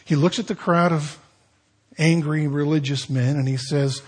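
A man's voice: fairly high pitch, fairly even intonation, normal speed, a little mellow, slightly rough. A man preaching a sermon, retelling stories in a folksy, conversational way with joking asides.

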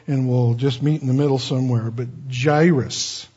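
A man's voice: mid-range voice, steady tone, normal speed, few pauses, darkish tone, husky. A man preaching a folksy Bible-teaching sermon, chatty and digressive with joking asides, on a dull lo-fi recording.

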